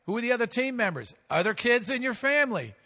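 A man's voice: very high voice, big pitch swings, quick pace, pushed and bright, big-room sound. A man preaching a sermon, who rephrases and repeats his points and asks the listeners questions.

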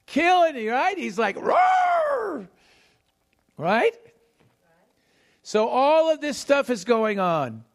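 A man's voice: very high-pitched, slow pace, pauses often. A man preaching a sermon, teaching verse by verse and acting out the voices in the story while quizzing the congregation. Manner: animated, calls to the congregation with questions.

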